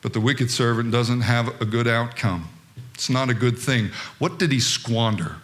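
A man's voice: mid-range voice, normal speed, fairly bright tone. A middle-aged man preaching a sermon as pastor, emphatic and fervent.

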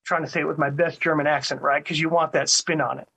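A man talks through his show's monologue in a relaxed, conversational way. His voice sits high for a man and has a husky grain. He stumbles over words now and then and keeps checking in with the listener. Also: fast talker, low-quality recording. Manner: conversational, repeats words, frequent "right?". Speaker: radio talk show host. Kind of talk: monologue commentary.

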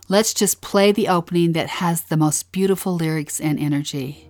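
A woman's voice: lowish voice, moderate pace, darkish tone, soft background music. A woman co-hosting a devotional podcast, talking in an earnest, heartfelt way. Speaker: co-host.

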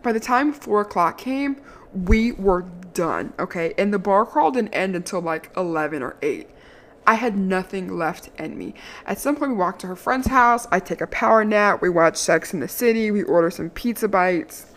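A young woman from the Washington, D.C. area telling a casual, animated story, full of "like" fillers and the odd swear word. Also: mid-range voice, moderate pace. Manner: chatty, animated, lots of "like" fillers, occasional swearing. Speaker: vlogger.

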